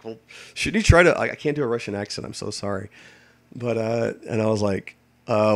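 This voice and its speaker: A man's voice: fairly low pitch, fairly quick. A man, a navy veteran, tells stories casually and rambles, with many restarts, fillers and swearing. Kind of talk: casual storytelling.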